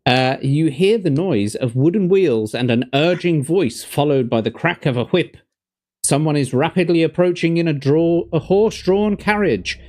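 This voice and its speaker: Animated man narrating a gamebook. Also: a little high, normal speed. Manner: narrating, with stumbles and corrections. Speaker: game master. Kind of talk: reading a gamebook aloud.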